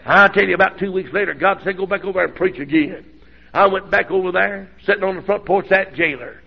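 An older preacher tells a sermon story in a folksy, animated way that breaks into sudden shouts. His voice sits high and sounds husky and gravelly. The recording is dull and lo-fi.

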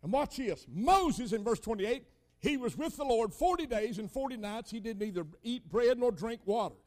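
An older man preaching a sermon, telling folksy stories with loud emphatic bursts. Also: very high-pitched, lively intonation, moderate pace.

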